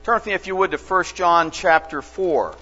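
A man preaching a sermon as a pastor, telling stories slowly and earnestly with dramatic pauses. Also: a little high, pushed and bright, faint music behind. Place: church sanctuary. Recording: dull lo-fi church recording with long reverb and mains hum.

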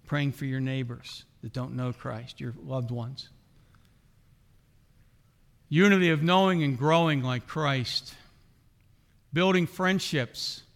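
A man's voice: mid-range voice, slow pace, creaky, long pauses. A middle-aged man preaching a sermon as a pastor, asking the congregation rhetorical questions. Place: church sanctuary. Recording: long hall reverb.

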